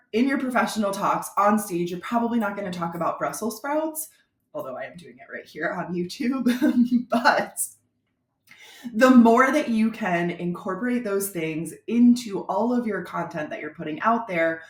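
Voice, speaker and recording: Chatty lady from florida teaching on youtube, lowish voice, echoey room. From Florida, USA. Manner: chatty, conversational, informal. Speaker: brand strategist teaching speakers. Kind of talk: casual YouTube tutorial. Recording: roomy echo.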